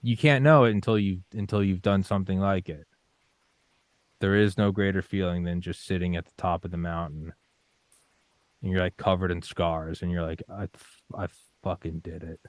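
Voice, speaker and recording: Deep-voiced young man, intense and profane. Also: steady tone, moderate pace, dry recording. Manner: intense, swearing, acts out his own panicked inner voice. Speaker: podcast guest. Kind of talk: casual interview talk.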